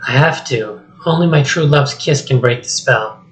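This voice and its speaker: A man voicing a cursed young princess while reading a script aloud, speaking softly and pleadingly. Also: mid-range voice, moderate pace, close to an everyday voice, poor audio. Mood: earnest. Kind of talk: solo script reading with voices.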